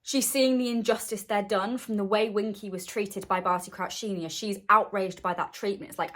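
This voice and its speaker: A woman's voice: mid-range voice, steady tone, normal speed, few pauses, a bit bright. A woman hosting a podcast, chatting enthusiastically and acting out quotes as she recaps a story. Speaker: podcast host. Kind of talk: casual recap chat.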